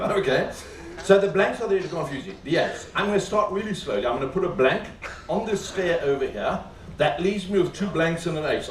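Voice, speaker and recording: A man performing as a comedy magician in a live stage show, chatting and teasing the audience with jokes between tricks. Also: high voice. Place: cruise ship show lounge. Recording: roomy, distant live stage recording with faint audience ambience.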